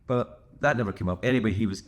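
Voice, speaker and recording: A deep, low-pitched older man with a Scottish accent talks to camera from a hotel room. His delivery is loose and conversational, wandering into jokes and side remarks and restarting his sentences as he goes. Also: fast talker. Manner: rambling, joking, full of asides and restarts. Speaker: host. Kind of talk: casual solo chat to camera.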